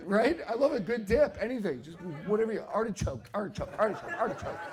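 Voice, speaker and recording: A man doing a high, lively stand-up voice. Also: moderate pace, pauses often, noisy background. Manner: animated, acts out the people in his story. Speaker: stand-up comedian. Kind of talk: stand-up storytelling. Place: comedy club stage with a laughing audience.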